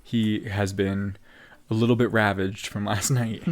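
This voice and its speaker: A man's voice: lowish voice, level tone, measured pace. A man co-hosting a casual theatre podcast, retelling a play scene by scene and quoting its lines with the odd laugh. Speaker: podcast co-host. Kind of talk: casual chat recapping a play.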